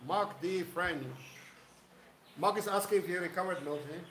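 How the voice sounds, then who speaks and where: A man's voice: high voice, normal speed, a bit bright, reverberant, a little hiss or hum, low-quality recording. Chatty man hosting a live stream. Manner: rambling, greets viewers by name. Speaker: livestream host. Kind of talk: casual live-stream chat.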